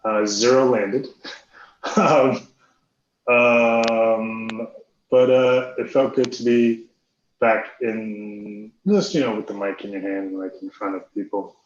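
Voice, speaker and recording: A man's voice: fairly low pitch, steady tone, slow. A man doing a hesitant, self-deprecating stand-up set full of ums. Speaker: stand-up comic. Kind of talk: stand-up set on a live stream. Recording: echoey room, dull lo-fi stream audio.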